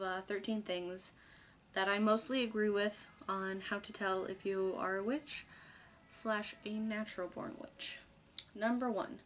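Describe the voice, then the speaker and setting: A woman's voice: mid-range voice, a bit bright. A young woman YouTuber talking casually to camera, chatty and rambling, candid and loose, swearing now and then.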